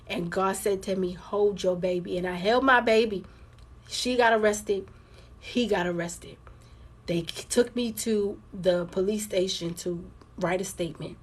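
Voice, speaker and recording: A woman hosting a livestream, candidly telling her viewers a personal story in a casual, conversational way. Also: mid-range voice. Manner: candid, conversational, addresses viewers as girl and y'all. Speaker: livestream host.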